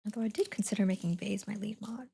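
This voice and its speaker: A woman's voice: mid-range voice, fast talker, creaky, dark tone, husky. A woman chatting casually on a live stream, giggling often as she answers her viewers. She talks from home while packing things up. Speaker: livestreamer.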